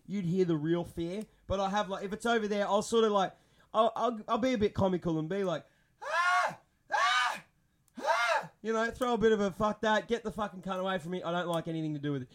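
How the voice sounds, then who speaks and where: A young man with a notably high voice tells a wild story in loose, profane podcast banter. He talks in quick bursts and swears in nearly every sentence. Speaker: podcast co-host. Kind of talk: casual storytelling chat.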